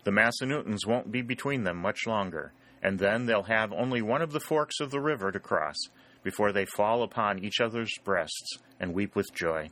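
Male reader as a wisecracking young soldier, a touch higher, bright. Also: normal speed, close to an everyday voice. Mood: teasing. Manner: teasing.

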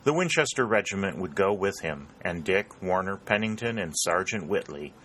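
A man narrates an audiobook in a deep, measured voice. His tone is bright and clear, with a faint hiss underneath. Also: animated.

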